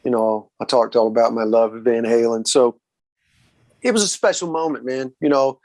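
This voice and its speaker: A man's voice: mid-range voice, moderate pace, no echo. Laid-back Southern man telling stories. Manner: relaxed, says "man" a lot, acts out quoted voices. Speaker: guest musician. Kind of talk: casual storytelling interview.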